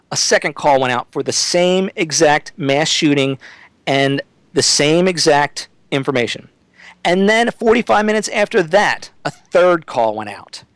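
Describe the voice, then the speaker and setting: A man's voice: a little high, no echo, poor audio. A man as a guest on a talk-radio interview, speaking emphatically and often restarting his sentences.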